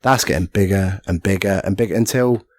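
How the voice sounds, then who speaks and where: A man's voice: sits low, fairly quick, darkish tone, no room sound, clean studio sound. A man telling a story as a podcast guest, rambling and self-mocking, acting out the voices of people he quotes. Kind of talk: casual storytelling chat.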